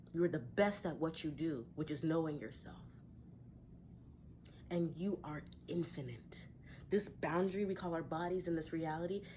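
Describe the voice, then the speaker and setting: A woman giving a tarot reader's reflective, encouraging talk to viewers from her home, with occasional sighs and soft laughs. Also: low voice, slight background noise. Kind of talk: casual spiritual talk to viewers.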